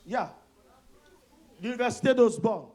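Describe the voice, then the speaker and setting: A man preaching a sermon in short phrases for an interpreter, often shouting and switching into French. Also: very high voice, expressive, measured pace.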